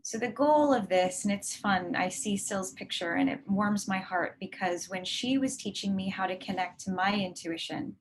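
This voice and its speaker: A woman leading a guided tapping meditation, slowly repeating affirmations and pausing for breaths. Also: medium pitch, a little hiss or hum. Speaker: tapping session leader.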